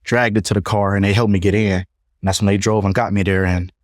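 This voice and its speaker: A man's voice: on the low side, fast talker, no echo, clean studio sound. Young man telling a story. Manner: animated retelling, acts out others' voices. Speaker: podcast guest. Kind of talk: casual storytelling.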